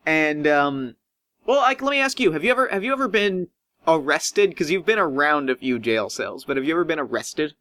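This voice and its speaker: A man narrating a tabletop game as game master, animated and swinging in pitch as he describes scenes. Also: a little fast, dry recording.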